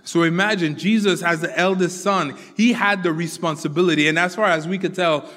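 A man's voice: sits high, a little fast, fairly bright tone. A man preaching a sermon with earnest conviction, repeating his key phrases for emphasis. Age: adult father of four children. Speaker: pastor. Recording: long hall reverb.

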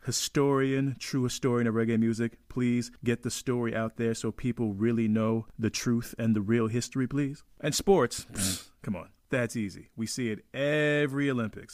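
A man from Jamaica hosting a radio show, giving emphatic opinionated commentary that swings from low asides to excited highs. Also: dry recording, clean studio sound.

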